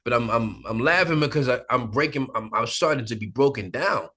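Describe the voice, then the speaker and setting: A male actor as an interview guest, telling candid stories in a relaxed, animated way, often laughing and acting out the people he quotes. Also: medium pitch, a little fast, slightly rough. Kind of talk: candid conversational storytelling. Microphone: sit-down interview mic.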